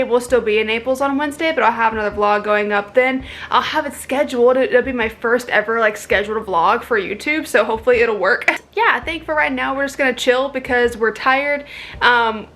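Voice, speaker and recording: A young woman talks casually to her camera as a travel vlogger, her voice sitting a little high. She rambles from one thought to the next and breaks into laughter often. The sound comes from a handheld camera in an indoor room. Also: normal speed, fairly bright tone. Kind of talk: casual vlog chat to camera. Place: indoors at a lodging.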